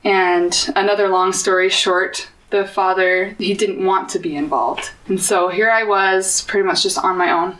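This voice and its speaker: A woman's voice: mid-range voice, fairly even intonation, unhurried, few pauses, fairly bright tone. Young woman guest, earnest and candid; echoey, slightly distant mic. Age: young adult. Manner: earnest and open, sharing a hard personal story. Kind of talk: personal storytelling in an interview. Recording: echoey room, voice a bit off-mic.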